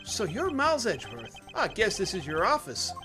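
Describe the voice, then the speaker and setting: A man doing an over-the-top jock prosecutor from a game, brash and indignant. His voice is pushed up high in a flamboyant made-up accent that swoops around, with faint music behind. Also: wildly swooping pitch, moderate pace.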